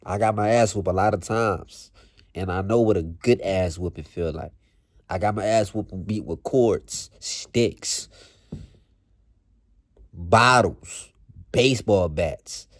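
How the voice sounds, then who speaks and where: A man's voice: deep voice, slow, long pauses, no echo, studio quality. A young man vlogging in a blunt, profane, slang-heavy motivational rant that repeats itself.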